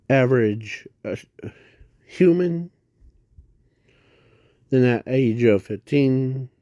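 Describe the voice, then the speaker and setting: A man improvising a casual fan story, halting and rambling with constant restarts and self-corrections. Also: medium pitch, warm tone, dry recording, clean studio sound.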